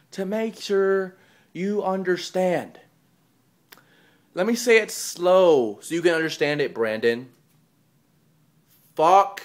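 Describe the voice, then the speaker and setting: Shifting from loud jeering to low muttering, a man who hosts online wrestling promos tears into a profanity-laced promo rant full of taunts and mockery.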